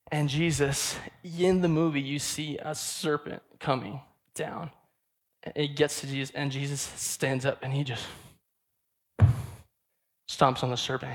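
A man's voice: mid-range voice, creaky. A man preaching a sermon in a casual, emphatic way, often restarting his sentences.

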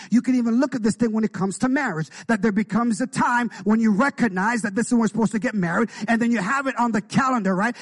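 Husky preacher man, fervent and rising. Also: very high-pitched. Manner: call-and-response preaching, shouting "come on". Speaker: pastor. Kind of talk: sermon.

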